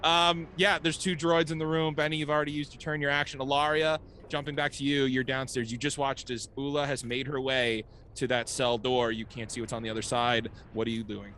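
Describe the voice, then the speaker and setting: A man's voice: mid-range voice, flat delivery, brisk, hardly any pauses, pushed and bright, slight background noise. Loose, laughing male game master. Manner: laughing, loose, filler-heavy narration. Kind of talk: narrating a tabletop game.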